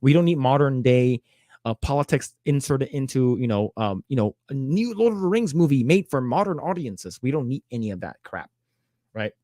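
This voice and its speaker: A man's voice: mid-range voice, lively intonation, normal speed, warm tone, no room sound, studio quality. A man co-hosting a casual podcast, reading out news items and stopping to react, with many fillers and repeated words. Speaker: podcast co-host.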